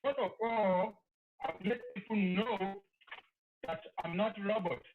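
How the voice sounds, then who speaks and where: A man's voice: high-pitched, unhurried. Male caller, gushing and emotional, heard through a narrow phone line. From Nigeria. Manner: effusive, emotional praise. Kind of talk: phone-in call. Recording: tinny phone line with faint hiss.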